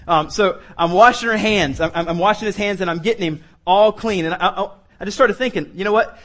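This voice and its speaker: A man's voice: high-pitched, quick pace, fairly bright tone. A man preaching a sermon, telling a family story in an earnest way and building to emphatic appeals. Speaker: pastor.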